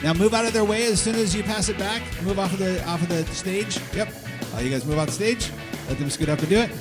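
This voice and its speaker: A man hosting a live stage event, calling names and directing a game with energetic, joking instructions. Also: sits high, fast, over music. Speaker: host. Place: convention stage before a live audience.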